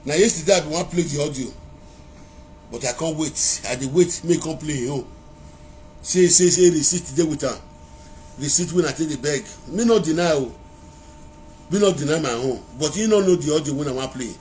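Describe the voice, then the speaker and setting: A man with a Nigerian Pidgin accent, talking to his followers in a rambling, animated live-video monologue, breaking at times into chanted praise calls, speaking into a phone held to his face. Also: on the high side, a little fast, pauses often, a little hiss or hum. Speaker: social media vlogger.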